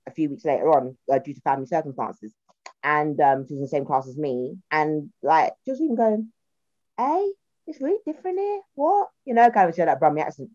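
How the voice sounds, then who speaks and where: Low-voiced South London woman, chatty. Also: fast, no echo, lo-fi sound. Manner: animated storyteller, acts out quotes in voices. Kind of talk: casual chat.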